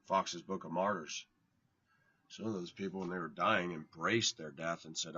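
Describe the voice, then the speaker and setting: A man giving a blunt, informal sermon to his online viewers, tired and yawning, his voice swinging from loud to hushed. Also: low voice, steady tone, moderate pace, husky, dry recording, dull audio. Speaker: online preacher.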